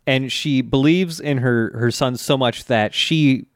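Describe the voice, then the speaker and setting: A man with a mid-pitched voice retells an episode in a loose, laid-back way, leaning on fillers and laughing often. The sound is dry and close, with no room around him. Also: measured pace, dry recording. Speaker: podcast co-host. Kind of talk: casual recap chat.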